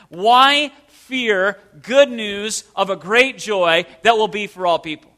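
A man's voice: high-pitched, slow, bright, forceful tone. A man preaching a sermon as pastor, stressing single words and asking the listeners rhetorical questions.

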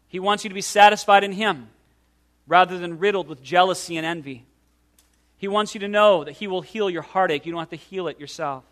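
Guy preaching a sermon, high bright voice, earnest and slow on the big points. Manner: earnest, pastoral, slows for emphasis.

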